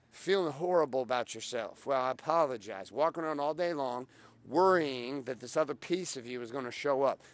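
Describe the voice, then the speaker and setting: A man's voice: medium pitch, fairly bright tone. A middle-aged man giving a blunt, profane motivational monologue as a podcast host.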